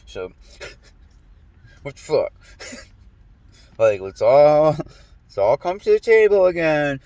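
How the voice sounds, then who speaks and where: A man's voice: fairly high pitch, sing-song, takes it slowly, dark tone, dry recording. A man delivering a rambling, profane monologue straight to the camera, agitated and full of restarts. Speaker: vlogger. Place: lives in a humid climate.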